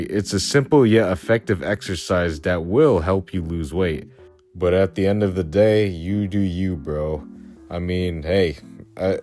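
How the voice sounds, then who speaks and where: A man's voice: sits low, darkish tone. Blunt, crude young man ranting. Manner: blunt, crude, slangy, mocking. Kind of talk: casual rant to camera. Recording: faint music behind.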